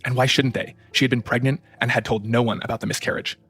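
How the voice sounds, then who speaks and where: A man hosting a true-crime podcast, narrating in a brisk, scripted way. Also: medium pitch, steady tone, fairly bright tone, breathy edge, no room sound, faint music behind.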